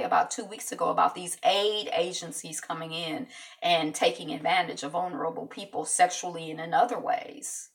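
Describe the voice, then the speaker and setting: A woman's voice: fairly low pitch, creaky, a bit bright, recorded from a distance. A woman talking through news stories alone, casual and rambling, with lots of fillers and asides. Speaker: host commenting on news. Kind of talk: casual news commentary monologue.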